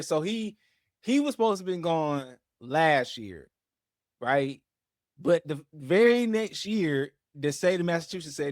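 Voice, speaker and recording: A man hosting a commentary show, talking in a slangy, animated way, swinging between low mutters and loud outbursts and repeating himself. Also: slow pace, dry recording, studio quality. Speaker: host. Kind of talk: casual commentary.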